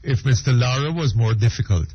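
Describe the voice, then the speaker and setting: A man hosting a radio call-in show, speaking in a measured, polite way. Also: mid-range voice, lively intonation, a little hiss or hum. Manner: measured, polite, brief affirmations. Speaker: radio talk show host. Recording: muffled radio broadcast.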